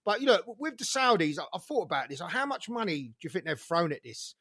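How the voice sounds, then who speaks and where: A man's voice: high voice, sing-song, quick pace, bright, forceful tone, husky, dry recording, studio quality. A British man co-hosting a boxing chat, laughing easily and swearing, with tags like "innit". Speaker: boxing podcast co-host. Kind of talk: casual chat.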